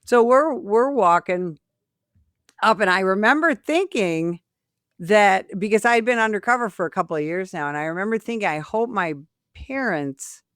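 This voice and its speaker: A woman's voice: mid-range voice, normal speed, no echo, clean studio sound. A woman from Illinois, a retired police sergeant, telling a story in a casual interview and acting out the voices of the people in it. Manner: animated storyteller, acts out quoted voices.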